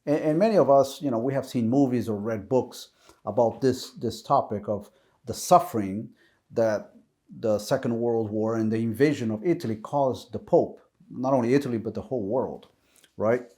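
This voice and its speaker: A man's voice: medium pitch, moderate pace, dark tone. A man presenting a Catholic video lesson, speaking earnestly and conversationally to the viewer in an unscripted talk. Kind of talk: unscripted teaching talk to camera.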